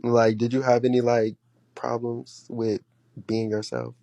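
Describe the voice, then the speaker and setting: Gravelly man in a dry room. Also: mid-range voice, flat delivery, unhurried, dark tone, no room sound. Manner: easygoing, agreeable, loose speech with fillers. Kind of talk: casual chat.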